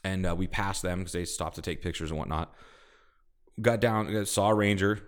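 Low-voiced man telling a story. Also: normal speed. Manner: storytelling, swearing, acts out quotes. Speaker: podcast co-host. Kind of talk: casual chat.

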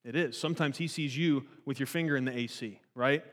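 A man in his thirties preaching a sermon in a conversational, animated way, often restarting his sentences. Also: mid-range voice, fairly quick, in a large hall. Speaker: pastor.

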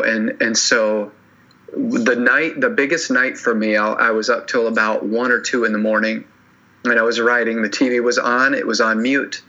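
Man, podcast guest, teary, earnest, halting, muffled lo-fi audio. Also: mid-range voice, pushed and bright. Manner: earnest, halting, many restarts and "you know". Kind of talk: emotional personal interview.

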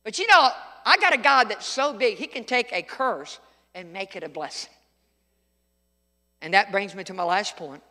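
A man's voice: sits high, animated, normal speed, bright, forceful tone, in a large hall. A middle-aged male pastor preaching a sermon, telling folksy stories with sudden emphatic outbursts.

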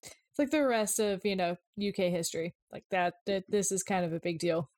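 Female co-host, chatty and casual, mid-pitched. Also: darkish tone. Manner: chatty, quick asides with "like". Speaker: podcast co-host. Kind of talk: casual chat.

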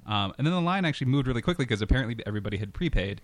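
A man's voice: mid-range voice, lively intonation, racing, no echo. A man co-hosting a podcast in casual chat, telling a rambling, self-mocking story. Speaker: podcast co-host.

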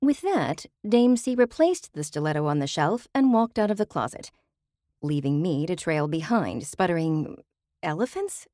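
Lively, wry woman narrating an audiobook. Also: low-pitched, moderate pace, no echo, studio quality. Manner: wry, expressive storytelling. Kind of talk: first-person scripted narration.

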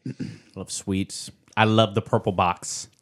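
A man co-hosting a podcast, playful and quick to laugh. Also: on the low side. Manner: playful, animated, laughs often. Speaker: podcast co-host. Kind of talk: casual chat.

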